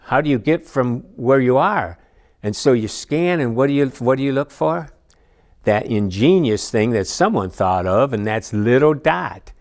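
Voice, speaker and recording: A man's voice: mid-range voice, expressive, measured pace. A man giving a conversational church lesson, telling personal stories with frequent asides. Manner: storytelling with personal anecdotes, many asides. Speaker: church teacher. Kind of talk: conversational teaching talk.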